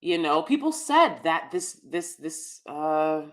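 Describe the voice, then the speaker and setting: A woman's voice: low-pitched, big pitch swings, slow. A woman hosting a live-stream commentary, talking straight to her viewers in an emphatic, chatty way and repeating her key phrases for stress. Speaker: host.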